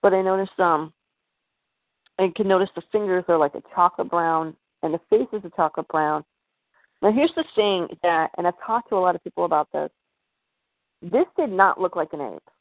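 A woman's voice: lowish voice, normal speed, dry recording. Hesitant woman on a tinny line. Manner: hesitant, many fillers and restarts. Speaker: podcast guest. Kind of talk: telling a personal story.

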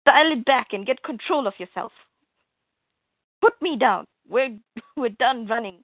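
A woman's voice: a little high, lively intonation, measured pace, no echo. A cool, condescending upper-class boy, as a woman reads him from a comic. He sounds refined and superior. The sound is thin and phone-like, with no room around it. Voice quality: sophisticated, upper-class delivery. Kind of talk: reading comic dialogue aloud. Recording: tinny phone-like line, dry.

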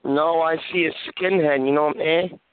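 A man's voice: a little high, steady tone, unhurried, clear, resonant tone, dry recording. A man caller on a group phone line, talking in easygoing slangy banter and tagging nearly every line with the same phrase. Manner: laid-back slang, ends almost every line with a tag phrase. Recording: dry tinny phone line.

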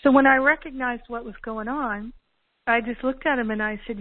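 A woman telling personal stories calmly and earnestly, acting out the dialogue as she goes. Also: a little high, normal speed. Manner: calm, earnest, acts out quoted dialogue. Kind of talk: reflective personal storytelling. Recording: narrow phone-like audio.

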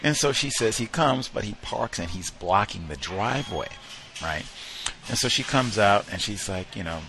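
A male talk show host telling a story in an emphatic, conversational way with drawn-out pauses. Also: on the low side, lively intonation, sharp tone, slight background noise. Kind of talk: storytelling commentary.

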